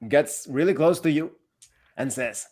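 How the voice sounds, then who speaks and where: A man's voice: a little high, unhurried, darkish tone. Man narrating as game master.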